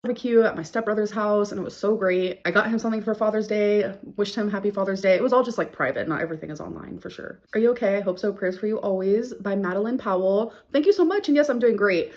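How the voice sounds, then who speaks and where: Fast-talking woman vlogger, muffled audio. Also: medium pitch, a little mellow. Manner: breezy, rapid talk to viewers. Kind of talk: casual vlog chat.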